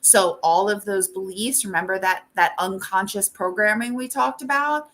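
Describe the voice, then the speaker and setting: A woman life coach talks to her listeners in a loose, candid way, dropping swear words and tagging her points with "right?" Her voice sits at an ordinary pitch but sounds bright and forward. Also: moderate pace. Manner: casual and blunt, swears freely, asks "right?" after most points. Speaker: life coach and show host. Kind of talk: casual coaching talk.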